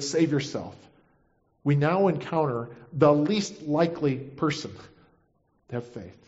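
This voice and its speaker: A man's voice: on the high side, darkish tone, muffled recording. A man preaching a sermon, retelling scripture and acting out the quoted voices with feeling. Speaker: pastor.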